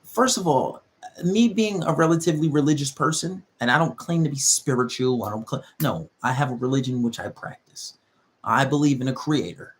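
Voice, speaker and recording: A man hosting an advice channel, lecturing his audience in an emphatic, repetitive monologue. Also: a little high. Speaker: relationship advice host.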